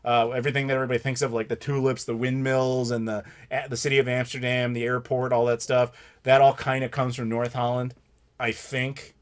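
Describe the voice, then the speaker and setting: A man's voice: medium pitch, little pitch movement, fairly quick. Male host, 30s, American. Live Q&A stream, opinionated, ranty, casual swearing. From United States. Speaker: channel host answering live questions.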